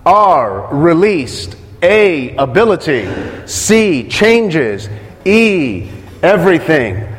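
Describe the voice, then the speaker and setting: A man with a high voice preaches a sermon. He puts questions to the congregation and repeats his key phrases. His voice rings out in a hall with a long echo. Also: sing-song, drawn-out words.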